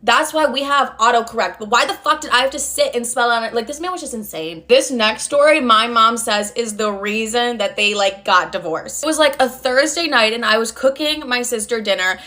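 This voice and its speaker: A woman's voice: a little high, fairly quick, hardly any pauses, pushed and bright. A young woman who hosts a podcast, telling a casual storytime, blunt and sarcastic and swearing freely. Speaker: podcast host.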